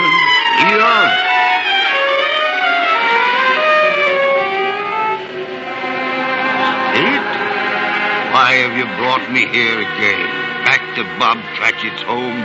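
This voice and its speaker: A man's voice: mid-range voice, sing-song, slow, pauses often, loud music behind the voice. An actor playing a frightened, pleading old miser in a 1940s radio drama, his voice broken and anguished. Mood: fearful. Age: older. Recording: dull, hissy 1949 radio broadcast.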